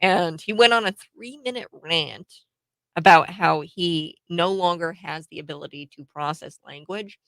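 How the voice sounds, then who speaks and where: A woman's voice: fairly low pitch, unhurried, a bit bright, no room sound. A woman, hosting casual political commentary in a blunt, sarcastic way, laughing between points.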